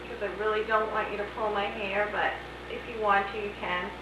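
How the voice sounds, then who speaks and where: A woman investigating a haunted theater who talks in a hushed, nervous way and says she is shivering with cold. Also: medium pitch, level tone, a little fast, echoey room, background noise. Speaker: paranormal investigator. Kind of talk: calling out to spirits, then debriefing. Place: dark old theater.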